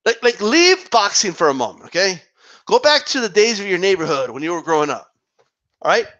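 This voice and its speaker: High, lively man ranting emphatically. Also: a little fast, dull audio. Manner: emphatic, repetitive, rhetorical asides. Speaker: boxing channel host. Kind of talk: opinion rant to camera.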